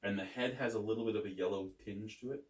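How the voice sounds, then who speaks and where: A man with a somewhat low voice talks through a beer tasting in a loose, rambling way, dropping jokes and curse words. He sits a little away from the microphone. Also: quick pace, a little mellow, roomy sound, far from the mic. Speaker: beer review host. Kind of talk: casual beer review chat.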